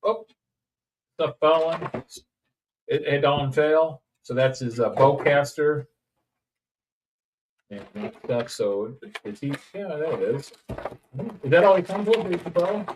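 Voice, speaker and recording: A man's voice: fairly high pitch, expressive, slow pace, pauses often, slight background noise. Rambling jokey man. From Indiana, USA. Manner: rambling, jokey, sings snippets. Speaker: toy-collecting streamer. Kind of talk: casual unboxing chat. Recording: distant mic.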